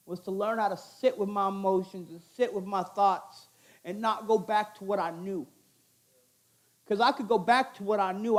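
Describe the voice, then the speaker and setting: A middle-aged man giving an informal, earnest sermon in a conversational, repetitive way. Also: high voice. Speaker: chapel speaker.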